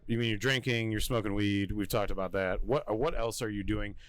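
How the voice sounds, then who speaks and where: Laid-back low-voiced podcast host. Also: male voice, brisk, smooth, dry recording. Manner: laid-back, prompting questions. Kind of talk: casual interview.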